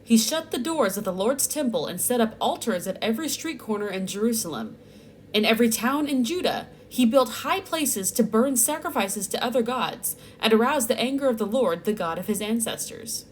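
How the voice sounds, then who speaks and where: Woman, fairly high voice, sarcastic, playful, comedic bible recap vlog, faint background hiss. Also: big pitch swings, moderate pace. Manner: sarcastic, playful, exaggerated asides. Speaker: host.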